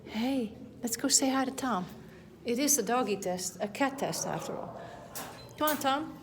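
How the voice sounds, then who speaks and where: A woman's voice: fairly high pitch, lively intonation, normal speed. A woman in casual chat, giving a dog short commands and cooing sweet baby talk at it. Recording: noisy room recording.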